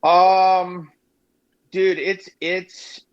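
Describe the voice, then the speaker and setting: A middle-aged man as a guest on a casual podcast, talking in a quick, loose way and swearing offhandedly. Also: high-pitched, flat delivery, highs cut off. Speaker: guest, comedian and show creator. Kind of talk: casual interview chat.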